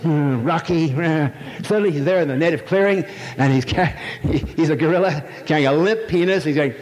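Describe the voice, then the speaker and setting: Wry rambling lecturer in a reverberant hall. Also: male voice, a little high, a little fast, a little mellow. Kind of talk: live lecture to an audience. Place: lecture hall with a live audience. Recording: long hall reverb, faint noise.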